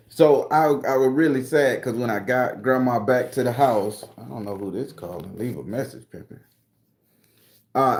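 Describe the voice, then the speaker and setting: Profane man in his forties. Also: medium pitch. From southern Florida. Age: 40s. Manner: loud greetings to viewers, profane slang. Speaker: livestream host. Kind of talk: casual livestream storytelling. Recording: echoey room.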